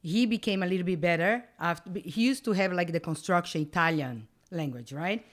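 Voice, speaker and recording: A woman's voice: lowish voice, a little fast. Middle-aged woman, Portuguese native speaker. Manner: warm, hesitant, broken phrasing. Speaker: guest, a host's mother. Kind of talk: casual chat.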